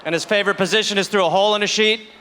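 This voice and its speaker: A man with an American accent performing an animated, jokey stand-up set on a festival stage. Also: high-pitched, racing, slight background noise. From United States. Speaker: stand-up comedian.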